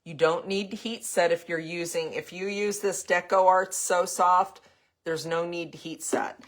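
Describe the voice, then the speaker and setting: Low-voiced older woman chatting through a craft demo. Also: steady tone, measured pace. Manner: chatty, answers viewer comments as she goes; rambling, with frequent ums and the odd cough. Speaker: craft host. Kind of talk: casual live-stream craft demo.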